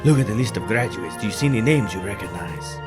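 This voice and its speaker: A man voicing a stern, suspicious male bird inspector in a low, grave, put-on accent. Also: expressive, fast talker, over music, natural voice.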